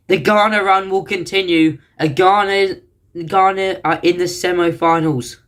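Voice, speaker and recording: Male host, casual prediction talk, thinks aloud with restarts, slightly high pitch. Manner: chatty, thinks out loud with hesitant restarts. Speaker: channel host.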